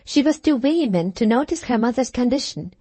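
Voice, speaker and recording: High-voiced woman narrating an audiobook. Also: dry recording. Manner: measured, expressive first-person narration. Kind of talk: audiobook reading of a classic novel.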